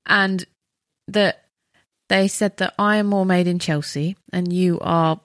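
A woman's voice: fairly low pitch, steady tone, slow, a bit bright, no echo, studio quality. A woman in her thirties co-hosting a podcast, chatting casually in a playful, teasing way. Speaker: podcast co-host.

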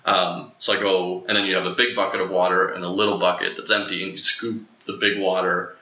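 A young man telling a long story in casual chat, rambling, with many fillers and quoted lines acted out in a higher voice. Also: flat delivery, a little fast, pushed and bright, roomy sound, highs cut off.

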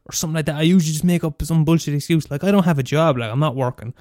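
A man's voice: a little high, quick pace, hardly any pauses, dark tone, no room sound, studio quality, faint music behind. A man from Limerick with a Limerick Irish accent, ranting in a comedic monologue, profane and exasperated, often restarting and repeating himself. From Limerick, Ireland.

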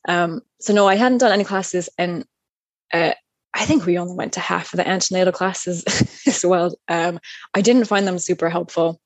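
A woman's voice: on the low side, normal speed, no echo. A woman telling her birth story as an interview guest, candid and rambling, with plenty of fillers and laughs. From United States. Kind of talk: casual chat.

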